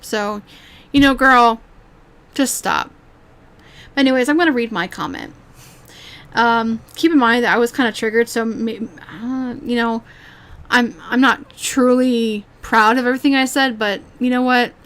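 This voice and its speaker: A woman's voice: a little high, a little slow, fairly bright tone. Exasperated woman ranting with restarts. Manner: rambling, exasperated, profane, with frequent restarts. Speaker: YouTube commentary creator. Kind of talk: reaction commentary monologue.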